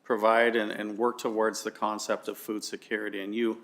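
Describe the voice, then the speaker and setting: A man, the mayor, speaking in a council meeting in a measured, big-picture way. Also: fairly low pitch, little pitch movement, a bit bright.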